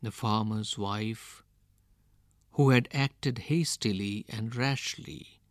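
A man reading a picture book aloud, slow and deliberate, with expressive delivery. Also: lowish voice, dry recording, studio quality. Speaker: storyteller.

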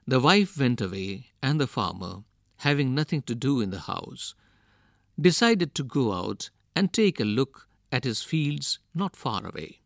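A man reading a picture book aloud, slow and deliberate, with expressive delivery. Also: medium pitch, creaky, no room sound, studio quality. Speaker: storyteller.

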